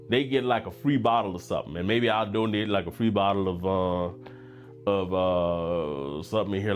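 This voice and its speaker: A middle-aged man with a Louisiana drawl, relaxed and talkative, hosting a fragrance livestream at a medium pitch. His voice comes with faint music playing underneath. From Baton Rouge, Louisiana. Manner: laid-back, chatty, reads chat comments aloud with frequent laughs. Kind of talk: casual livestream chat.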